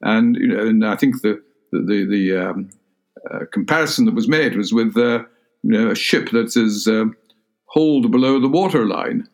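An older man with a Scottish accent recalls events in a sit-down interview, speaking in a measured, halting way with many fillers and restarts. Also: fairly low pitch. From Scotland. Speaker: interviewee, former cabinet minister. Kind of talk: reflective recollection in a sit-down interview.

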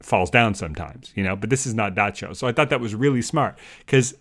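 A man's voice: medium pitch, quick pace. A man co-hosting a podcast, chatting casually and rambling through an episode with lots of restarts, often asking his co-host questions.

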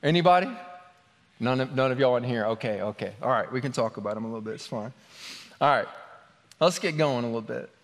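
Preaching to an audience in a large hall, an adult married pastor keeps things casual with jokes for the congregation, then prays and reads from scripture. His medium-pitched voice is fast but broken by long pauses, and long reverb fills the recording.

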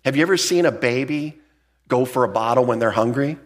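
A male pastor preaching an expository sermon at an ordinary middle pitch. He talks in a relaxed, conversational way, and his voice leaps upward whenever he hammers home a point. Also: brisk. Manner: conversational and emphatic, with frequent restarts; jumps up in pitch to stress key points.

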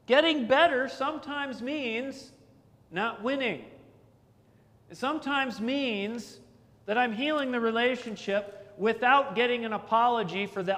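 A man's voice: high-pitched, fairly bright tone. A middle-aged man, a pastor, preaching a chatty sermon, telling anecdotes and repeating words as he builds each point. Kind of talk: conversational sermon. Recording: long hall reverb.

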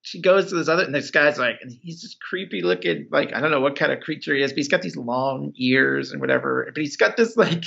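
A man's voice: fairly high pitch, fairly quick, vocal fry, hardly any pauses, fairly bright tone, lo-fi sound. A man recapping a TV episode in casual podcast chat, rambling with many fillers and acting out the characters' lines.

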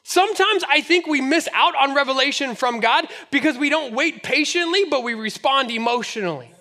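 A man preaching a sermon as pastor, telling stories in an animated way and laughing often. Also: very high-pitched, normal speed.

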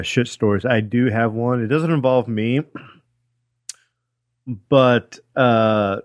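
A man co-hosts a casual podcast, working through a story in a rambling, stop-start way. His voice sits in a middle pitch, recorded dry and close. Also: no echo. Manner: rambling, halting, with many restarts. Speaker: podcast co-host.

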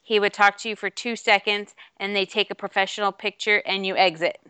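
A woman's voice: medium pitch, steady tone, a little fast, sharp tone, a little hiss or hum. A woman co-hosting a podcast, telling a rambling, chatty story with lots of fillers in casual chat. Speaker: podcast co-host.

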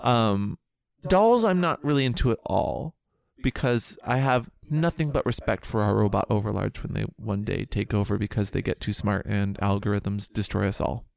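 A man's voice: fairly low pitch, vocal fry, darkish tone, no room sound. A man co-hosting a podcast in casual chat, teasing and joking with his co-host. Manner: teasing, playful, quick with jokes.

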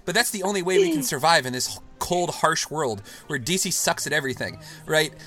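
A man hosting a casual podcast, talking at length and with strong feeling, swinging from excited outbursts to hushed, tender stretches. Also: a little high, fairly quick. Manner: long-winded, emotional, swings from excited to hushed. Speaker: podcast host.

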